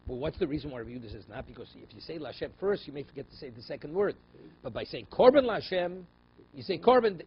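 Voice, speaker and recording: Rabbi teaching Talmud, lo-fi recording. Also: male voice, on the high side, big pitch swings, fast talker, slight background noise. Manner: explains in English mixed with Hebrew and Aramaic terms; rhetorical questions, frequent "right?" and "okay?". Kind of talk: daily Talmud class.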